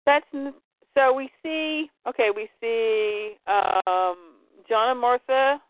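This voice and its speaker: Slow and fairly high-pitched, this woman is a co-host on a casual podcast, heard on a dry, phone-like line with no echo. She walks through a comic book story, quoting its characters in lightly modified voices.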